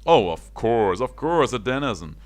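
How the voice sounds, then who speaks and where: A man's voice: mid-range voice, sing-song, normal speed, lightly acted. A man voicing a dotty, friendly old hermit who rambles cheerfully about coffee in a video game. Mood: doddering. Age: older. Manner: rambling, chatty.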